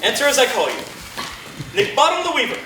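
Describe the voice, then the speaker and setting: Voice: high-pitched, big pitch swings, fast talker. An actor playing a fussy carpenter who directs an amateur play, coaxing and organizing his troupe on a college stage. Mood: earnest. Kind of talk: live college stage performance. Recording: roomy stage audio from far off with faint noise.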